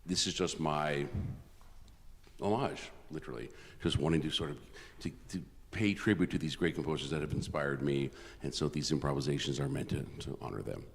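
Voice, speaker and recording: A Canadian concert organist gives a casual, self-mocking spoken introduction, often starting his sentences over. His voice is very deep, steady, fairly fast, creaky and a bit breathy, and the large church he speaks in adds a long reverb.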